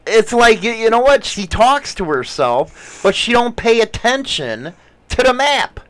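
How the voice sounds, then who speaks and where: A man's voice: extremely high pitch, big pitch swings, a little slow, fairly bright tone. A man hosting a casual podcast, teasing his co-host and swearing often. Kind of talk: casual chat.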